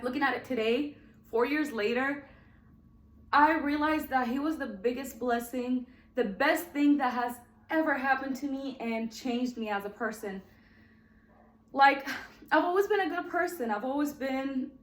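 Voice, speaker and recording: With a high-pitched voice and a roomy sound, a woman in her twenties hosts her podcast and tells her life story chattily and from the heart. She often says "guys" and at times gets emotional, almost crying.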